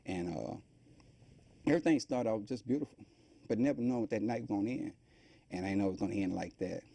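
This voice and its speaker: With a lowish voice, vocal fry and a fast delivery, a middle-aged man being interviewed spins his life story in rambling, colloquial fashion. He brings it to life by performing the voices of the people he mentions.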